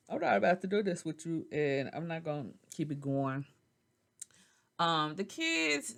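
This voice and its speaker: A middle-aged woman hosts a podcast with a low voice that swings widely in pitch. She sounds tired and keeps yawning, yet she tells her story in a loose, chatty way and addresses her listeners directly. Her voice is low and pitched well below most women's. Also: gravelly, fairly bright tone. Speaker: podcast host. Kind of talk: casual storytelling monologue.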